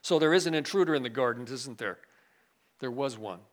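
A male pastor preaching a sermon, swinging from loud emphatic lines to quiet, low asides. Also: fairly quick.

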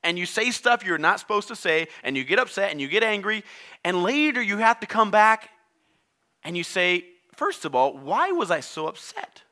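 A man's voice: high-pitched, big pitch swings, moderate pace, pushed and bright. A man preaching a sermon, a native Spanish speaker who acts out voices and quotes as he talks. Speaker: pastor.

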